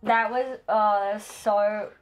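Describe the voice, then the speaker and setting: A woman's voice: mid-range voice, steady tone, drawn-out words, faint music behind. A woman co-hosting a casual chat about tabletop games, chatty and laughing often. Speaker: co-host.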